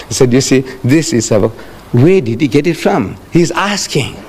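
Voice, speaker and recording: A man's voice: fairly high pitch, expressive, moderate pace, darkish tone. Older South African man giving an emphatic lecture. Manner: emphatic, repeats phrases, acts out quoted speech. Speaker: Islamic lecturer. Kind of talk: public religious lecture.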